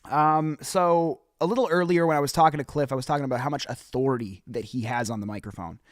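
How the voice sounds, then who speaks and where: A man's voice: medium pitch, fast, dry recording. Young guy host giving blunt rap feedback, swears a lot, lots of ums, mid voice, dry close sound. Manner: candid, swears freely, many ums and restarts. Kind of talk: casual spoken feedback.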